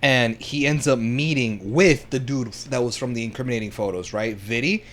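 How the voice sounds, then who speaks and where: A man co-hosting a podcast, calmly walking through a show's plot step by step in casual chat. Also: mid-range voice, a little fast. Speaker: podcast co-host.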